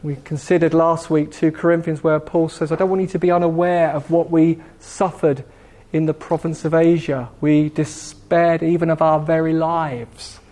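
A man preaching a sermon in a slow, measured way with dramatic pauses, gently voicing God's questions. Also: fairly high pitch, flat delivery. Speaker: pastor.

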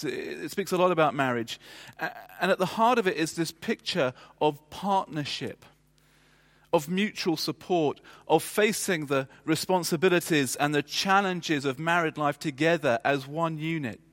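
A man delivering a sermon in a measured, emphatic way, often pausing with fillers. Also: on the high side, lively intonation. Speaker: preacher. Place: church. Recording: church hall reverb.

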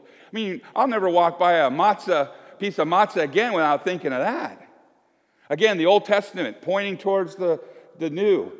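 A man with a high, animated voice preaches at normal speed in a church sanctuary whose long reverb is audible. His sermon is made of homely stories told in a conversational, self-mocking manner with many restarts.

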